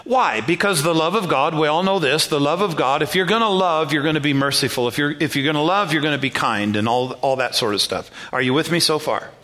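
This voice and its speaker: A man's voice: on the high side, a little fast, few pauses, sharp tone. A middle-aged male pastor preaching a sermon in a conversational, self-deprecating way, calling on the congregation to repeat words and respond.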